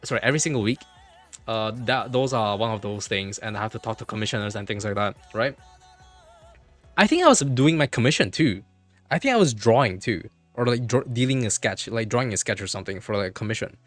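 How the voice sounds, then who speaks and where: Animated male streamer telling a story. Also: fairly low pitch, brisk, no echo, soft background music. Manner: animated, repeats himself, swears freely. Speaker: livestreamer. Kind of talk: casual livestream storytelling.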